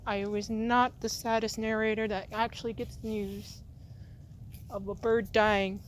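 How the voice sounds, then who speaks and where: A woman hosting a casual vlog, soft-spoken and wandering in her talk, chatting to her pets along the way. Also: medium pitch, flat delivery, unhurried, slight background noise. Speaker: channel host. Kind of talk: rambling casual vlog chat.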